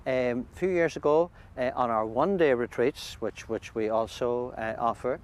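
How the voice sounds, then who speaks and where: A man, a priest, describing a pilgrimage in a thoughtful, halting way with many restarts, recorded outdoors by a lake. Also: mid-range voice. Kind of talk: conversational interview. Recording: faint outdoor background noise.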